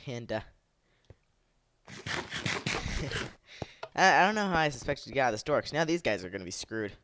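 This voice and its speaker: Gamer guy, casual commentary, lively voice that leaps high when he yells, rambles, faint hiss behind. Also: moderate pace. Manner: excitable, shouts at the game and laughs often; rambling, talks to himself between bursts.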